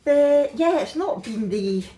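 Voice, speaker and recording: A middle-aged woman with a Scottish accent chats in a family vlog from her bed at home. She sounds worn out but relaxed and laughs often. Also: high-pitched, takes it slowly. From Scotland. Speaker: family vlogger. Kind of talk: casual chatty vlog.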